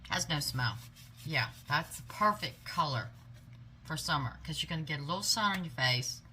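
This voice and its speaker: A woman's voice: low voice, sharp tone, slight background noise. A woman hosting a casual product review video, chatting enthusiastically to her viewers. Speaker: haul video host.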